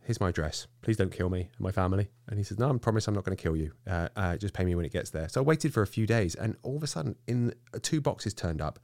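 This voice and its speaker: A man telling a story in casual chat, animated, swearing freely and stammering when excited. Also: low voice, fast, hardly any pauses, no room sound, clean studio sound.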